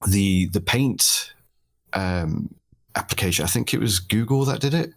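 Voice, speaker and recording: British man, young, podcast guest, animated storyteller, fairly low voice. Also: unhurried, gravelly. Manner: animated storyteller, laughs often, swears casually. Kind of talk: casual conversation.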